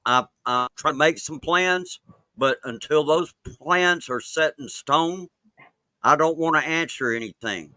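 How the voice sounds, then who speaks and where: A man from Mississippi with a Southern accent, talking as a guest on a casual live-stream interview, halting and full of fillers. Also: on the high side, sharp tone, no echo, poor audio. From Mississippi, USA. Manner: halting, many fillers and restarts. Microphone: close mic.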